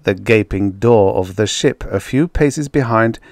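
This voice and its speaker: A man's voice: on the low side, dry recording, clean studio sound. A man narrating a vintage science fiction story as an audiobook reader. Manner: slow, measured reading. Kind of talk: scripted narration.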